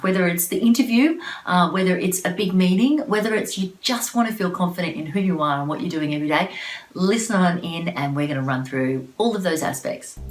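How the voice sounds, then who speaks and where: A woman's voice: on the low side, far from the mic. Upbeat woman coaching in an echoey room. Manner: upbeat and encouraging, with frequent fillers and restarts. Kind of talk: motivational talk to camera.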